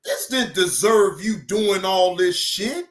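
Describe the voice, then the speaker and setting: A woman hosting a reaction video, talking in loud, cursing, indignant outbursts. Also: medium pitch, animated, slow pace. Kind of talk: casual reaction commentary.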